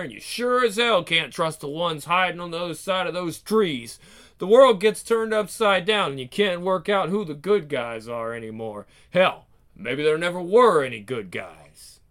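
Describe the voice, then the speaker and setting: A man voicing a weary, menacing male spirit of a soldier, speaking in a low, intimate, taunting way. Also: a bit bright. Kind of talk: one-man script reading.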